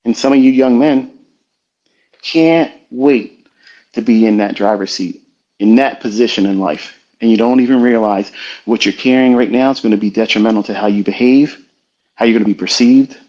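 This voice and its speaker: A middle-aged man giving a reflective, confessional motivational talk as a trading educator in a live audio room, slow and halting. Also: medium pitch, a little mellow. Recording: slightly muffled online audio stream.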